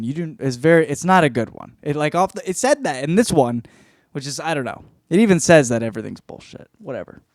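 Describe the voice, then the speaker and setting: A man's voice: a little high, darkish tone, no echo, clean studio sound. A man hosting his own solo comedy podcast, rambling, profane and mocking himself as he goes. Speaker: podcast host.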